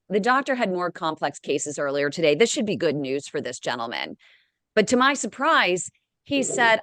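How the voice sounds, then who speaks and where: A woman's voice: medium pitch, big pitch swings, normal speed, a bit bright, no room sound. A woman on a discussion panel, the founder of an advocacy group, telling a personal story in a heartfelt, emotional way. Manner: heartfelt, emotional, tearing up at times.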